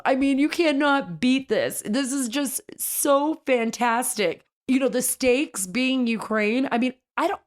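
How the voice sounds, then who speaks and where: A woman hosting a political talk show, speaking in an enthusiastic, chatty way with frequent restarts. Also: on the high side. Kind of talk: casual political radio commentary.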